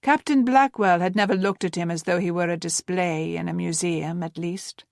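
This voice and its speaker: A woman narrating a historical novel as an audiobook, in a measured storytelling manner that gently voices the dialogue. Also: lowish voice, fairly even intonation, vocal fry, dry recording, studio quality. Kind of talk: scripted narration.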